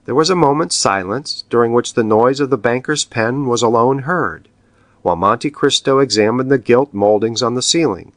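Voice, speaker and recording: A man narrates an audiobook from a script in an expressive, storytelling style. His voice is medium-pitched and moderately paced, in a dry recording.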